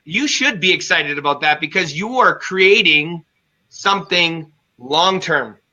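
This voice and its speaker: A man hosting an interview, talking in an emphatic, fired-up and energetic way. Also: a little high, unhurried. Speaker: show host. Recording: dull lo-fi sound.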